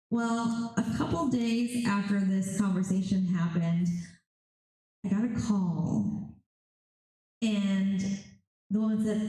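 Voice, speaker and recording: A woman tells stories at a convention panel in a mellow, relaxed voice. She talks with energy and slips into quick quoted voices, and the sound rings with heavy room echo. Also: medium pitch, soft background music. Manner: animated, quotes spirits and clients in quick bursts. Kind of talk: storytelling on a panel. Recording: echoey room, heavy reverb.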